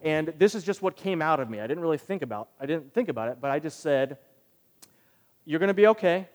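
A man preaching a sermon as pastor, telling a personal story with animated delivery. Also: a little high, quick pace. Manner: animated storytelling, acting out other voices. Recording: long hall reverb.

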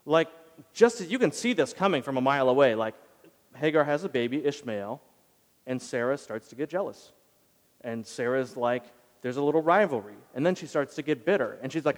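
A man's voice: mid-range voice, expressive, fairly quick, long reverb tail. A man preaching a sermon in a conversational, emphatic storytelling manner, retelling scripture and addressing the congregation directly. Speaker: pastor.

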